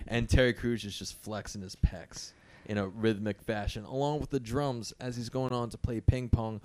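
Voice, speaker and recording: A man on a comedy podcast telling absurd stories in a deadpan way. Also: mid-range voice, normal speed. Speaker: comedian guest. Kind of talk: comedic storytelling.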